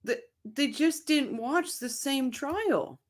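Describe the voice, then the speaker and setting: A woman's voice: high voice, animated, slow pace. Woman, livestream host, casual chat, frequent laughs, talks to viewers by name. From Canada, Ontario. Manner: chatty, laughs often, addresses viewers by name.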